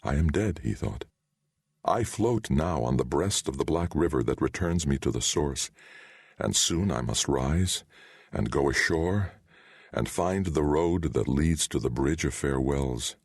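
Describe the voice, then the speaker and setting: A man's voice: a bass voice, expressive, a little slow, creaky, slightly rough, no echo, clean studio sound, exaggerated voice. A man voicing a weary male king who speaks in a formal, stately way. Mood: dazed, bewildered.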